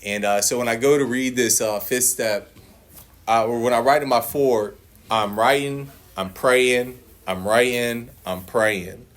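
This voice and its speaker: A man in his forties, mid-range in pitch and a little slow, tells his recovery story at a meeting. He swears heavily, laughs as he goes, and acts out what people said to him.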